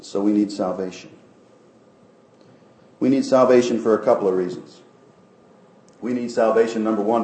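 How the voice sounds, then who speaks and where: Pastor guy preaching, lowish mellow voice, punchy then soft, echoey church room. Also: a little hiss or hum. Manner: emphatic preaching, dropping to soft low phrases. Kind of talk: sermon.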